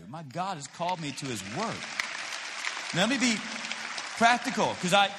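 A man's voice: sits high, very animated, moderate pace, long pauses, big-room sound, a loud crowd, heavy background noise. A man preaching a sermon as pastor, emphatic, repeating phrases with mocking asides.

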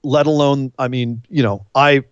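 A man co-hosting a podcast in a casual recap chat, excitable and emphatic, sometimes choked up. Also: medium pitch, normal speed, clean tone, no room sound, dull audio. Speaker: podcast co-host.

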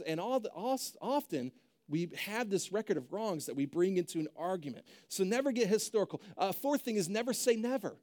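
A man's voice: high voice, animated, a little fast, darkish tone. A young adult male pastor preaching a sermon in a conversational way, often checking in with "right?".

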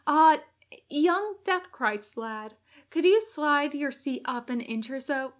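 A woman voicing a fussy male angel who coaxes and reassures gently. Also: high voice, slow, pitched above the performer's own voice. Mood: fussing. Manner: coaxing, gently bossy.

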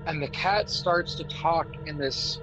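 This podcast co-host, an Arkansas man, speaks unhurriedly in a fairly high-pitched voice. He's a relaxed storyteller who leans on fillers, heard through murky lo-fi sound over loud background music.

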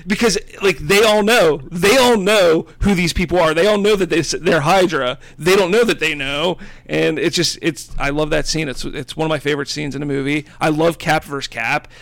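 A man's voice: fairly high pitch, normal speed, gravelly, hardly any pauses, fairly bright tone, dry recording. A man chatting casually in a movie review, enthusiastic and rambling, with many fillers and restarts. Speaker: movie podcast co-host.

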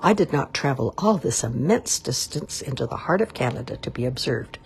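A woman reading the part of a proud, fussy, quick-tempered male swan in a storybook. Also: rumbling low, expressive, gravelly, exaggerated voice. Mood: indignant. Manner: pompous, indignant complaining.

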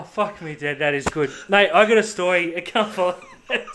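A man's voice: sits high, normal speed, few pauses, pushed and bright, slight background noise. A young Australian man co-hosting a podcast, swearing and laughing a lot in casual banter. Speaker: podcast co-host.

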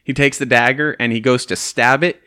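A man's voice: medium pitch, normal speed, clear, resonant tone. A man narrating as game master in a casual tabletop role-playing session. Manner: relaxed, laughs at own dice rolls.

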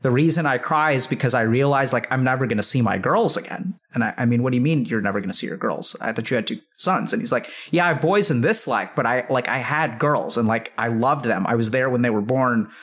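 He's a psychiatrist in his thirties on a podcast, with a medium-pitched, slightly bright voice that races along with hardly a pause. His long story is casual and meandering, full of "like" and free swearing.

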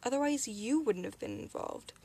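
Brief: woman reading as a fretful male angel in an audiobook, anxious and hesitant, apologetic, voice on the higher side. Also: lively intonation, normal speed, dark tone. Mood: earnest. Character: fussy, worried male angel.

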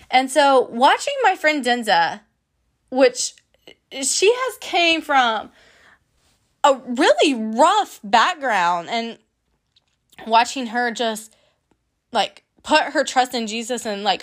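Earnest, chatty young woman, higher voice. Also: very animated, takes it slowly, pauses often. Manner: earnest, chatty, with bursts of laughter. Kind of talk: casual personal faith testimony.

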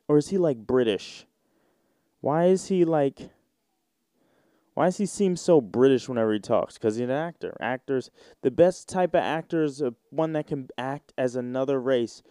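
Mellow-voiced young man riffing casually. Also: mid-range voice, smooth, no echo, clean studio sound. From United States. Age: 20s. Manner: rambling, joking, slangy and irreverent. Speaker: podcast host. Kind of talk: casual solo podcast chat.

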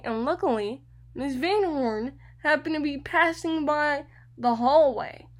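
A young woman from Florida, hosting a radio show and telling a personal story in an animated way, often repeating words. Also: high-pitched, a little slow. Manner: animated, repeats words, addresses listeners as y'all.

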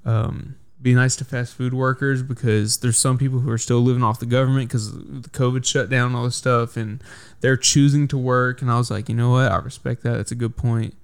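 A man's voice: mid-range voice, steady tone, brisk, creaky, clear, resonant tone. A man hosting a casual podcast, telling stories in a heated, profane way. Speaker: podcast host.

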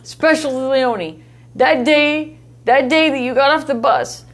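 A man's voice: very high-pitched, takes it slowly, background noise, voice pushed up, exaggerated voice. A woman voicing a big stern male army drill sergeant, barking his words. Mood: moved. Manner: barking orders.

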